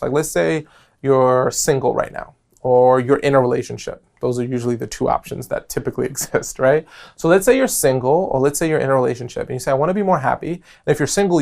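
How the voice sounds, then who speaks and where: A young man with a New York accent hosts his own motivational podcast, talking by himself in a loose, joking way that wanders off on tangents. His voice sits slightly high for a man and has a gravelly edge. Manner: playful, rambling, animated, jokes and tangents. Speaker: podcast host. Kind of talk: solo motivational podcast talk.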